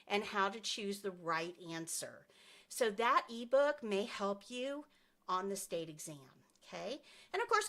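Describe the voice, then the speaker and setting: A woman's voice: medium pitch, a bit bright. A woman who teaches nursing assistants, chatting upbeat with viewers on a live stream and answering their comments. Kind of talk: casual live stream chat.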